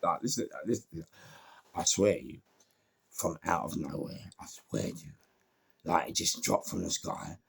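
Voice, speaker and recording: An older man with a London accent telling crime stories in a casual, animated monologue, swearing freely and acting out the voices of people in his story. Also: extremely low pitch, normal speed, gravelly, background noise.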